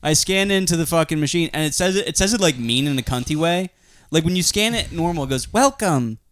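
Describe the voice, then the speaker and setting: A man's voice: a little high, quick pace, a bit bright. A man co-hosting a comedy podcast, rambling through crude anecdotes and acting out the voices of people in them. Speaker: podcast co-host. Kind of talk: casual comedic storytelling.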